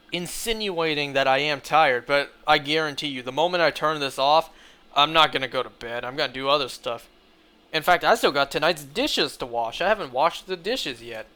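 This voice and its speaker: Male streamer, rambling casual chat, bright and somewhat high. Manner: rambling, filler-heavy talk with many "like"s. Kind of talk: casual livestream chat while shiny hunting.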